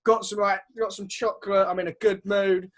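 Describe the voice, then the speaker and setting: A man's voice: high-pitched, level tone, fairly quick, crowd noise. A man, a podcast co-host telling stories in casual chat and laughing often. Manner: laughs often, storytelling with sung and acted bits.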